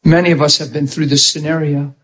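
A pastor with a high voice gives a lively sermon, animated and theatrical. He acts out quoted voices with quick impressions to make his point, and the audio is poor.

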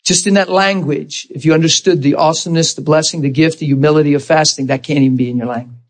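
A man preaching a sermon, telling a personal story with lively, acted-out dialogue and easy self-deprecating humor. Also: a little high, fast. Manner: animated storytelling, acting out dialogue and laughing at himself.

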